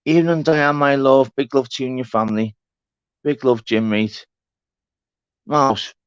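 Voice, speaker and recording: Loud chatty man giving shout-outs. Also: mid-range voice, steady tone, measured pace, smooth, no echo, lo-fi sound. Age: 30s. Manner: loud shout-outs, slips into quiet sombre talk. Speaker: livestream host. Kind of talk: casual live chat with viewers.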